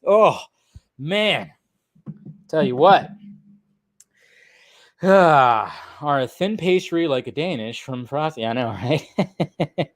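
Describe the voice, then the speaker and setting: High-voiced, rambling man. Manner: rambling and loose, swearing, laughing often. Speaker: movie news channel host. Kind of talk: casual livestream commentary.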